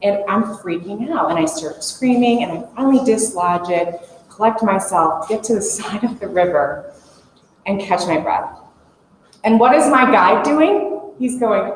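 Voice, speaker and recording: A woman in her forties telling a lively story to a conference audience, laughing as she goes. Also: mid-range voice, normal speed. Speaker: conference speaker. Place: conference room. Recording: echoey conference room, faint hum.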